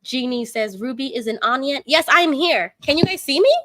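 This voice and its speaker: Host type: New York Puerto Rican woman, 30s, bright higher voice, dry close sound, chatty livestreamer. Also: animated, normal speed, dry recording. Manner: chatty, laughs often, reads chat comments aloud. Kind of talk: casual livestream chat.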